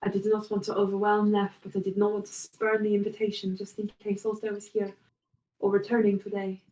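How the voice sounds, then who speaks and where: A woman voicing a formal, hesitant noblewoman in a tabletop game, speaking politely with many pauses. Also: mid-range voice, completely flat delivery, warm tone, close to an everyday voice. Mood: courteous. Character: formal, hesitant noblewoman who has abdicated. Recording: roomy, distant mic.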